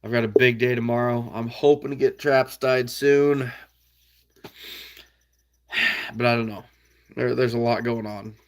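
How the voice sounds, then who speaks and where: A man's voice: medium pitch, fairly even intonation, a little slow, long pauses. A man with an American Midwest accent hosting a casual livestream, reading out viewer comments in an easygoing, folksy way with frequent chuckles. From Iowa.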